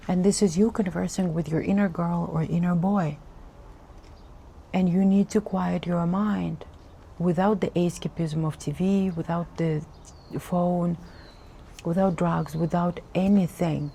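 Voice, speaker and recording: A woman's voice: fairly low pitch, fairly even intonation, gravelly, warm tone, slight background noise. A woman giving an earnest, emotional spiritual message as a tarot reader, repeating herself for emphasis. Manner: slow, earnest, repetitive, emotional.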